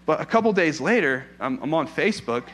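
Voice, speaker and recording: A man's voice: a little high, lively intonation, a little fast, a bit bright. A young man preaching as a pastor, telling a personal story in a candid, conversational way. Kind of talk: informal sermon with personal story.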